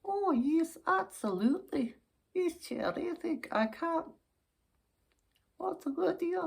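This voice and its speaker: A woman's voice: lively intonation, slow, creaky, a little mellow, full character voice. A woman voicing a giddy old Scottish lady puppet. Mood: giddy, excited. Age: 60s. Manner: high fluttery voice, calls everyone dear. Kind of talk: ventriloquist comedy act.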